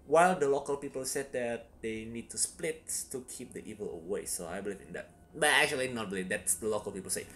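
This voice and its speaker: A man giving a casual vlog review of a horror film, rambling and excitable, with sudden loud bursts. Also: medium pitch, fast talker, few pauses, slight background noise.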